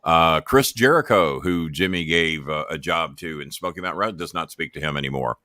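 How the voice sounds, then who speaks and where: A man's voice: rumbling low, moderate pace, no echo. A man in his sixties, a podcast guest who tells stories full of swearing and acts out what others said. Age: 60s. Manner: animated storyteller, swears freely, acts out quotes. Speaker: guest, former wrestling manager. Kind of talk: profane storytelling in a podcast chat.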